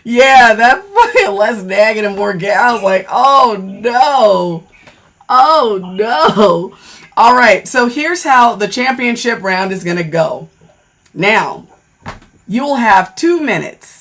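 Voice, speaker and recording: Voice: mid-range voice, lively intonation, a little slow, a bit bright. A live stream host running a contest, easygoing, checking in with "all right" and "okay".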